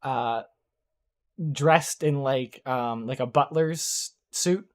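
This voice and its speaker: A game master describing the scene for the players. The delivery is halting and loose, with many fillers and self-corrections. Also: mid-range voice. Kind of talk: tabletop game narration.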